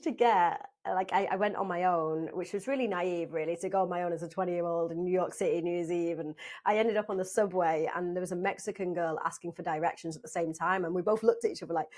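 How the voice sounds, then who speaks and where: A woman in her thirties from South Africa, a podcast guest telling travel stories in a lively way, laughing often and acting out what people said. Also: fairly low pitch, quick pace, hardly any pauses. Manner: lively storyteller, laughs often, acts out quotes. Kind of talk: casual interview chat.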